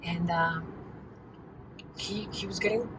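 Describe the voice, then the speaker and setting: A woman's voice: on the low side, fairly even intonation, slow. A woman hosting her own show, telling a personal story in a loose, chatty way from inside a car, full of "like" and restarts. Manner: chatty, rambling, heavy use of "like" and restarts. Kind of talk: casual storytelling monologue. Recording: distant mic with noisy car background.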